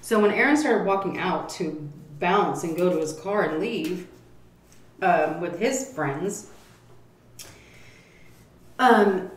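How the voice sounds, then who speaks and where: A woman vlogger telling a profane, animated story while eating at a table. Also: fairly low pitch, slow pace, long pauses, echoey room. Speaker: mukbang vlogger.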